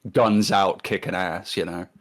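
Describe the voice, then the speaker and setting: This relaxed man has a lowish voice and speaks plainly and casually during a group commentary. His tone stays easygoing. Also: unhurried. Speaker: series writer.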